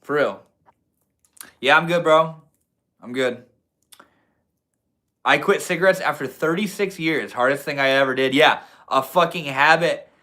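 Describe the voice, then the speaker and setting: Young male streamer with a bright, forceful voice. Laid-back, slangy and swears freely while chatting with his viewers. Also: a little high, unhurried, pauses often. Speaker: livestream host. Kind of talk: casual livestream chat reading comments.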